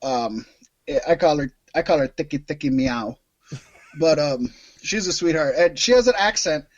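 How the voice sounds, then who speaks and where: High-pitched guy rambling and cracking jokes on a podcast, dull lo-fi sound. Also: animated, moderate pace. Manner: rambling, joking, often laughing. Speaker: podcast co-host. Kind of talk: casual wrestling podcast chat.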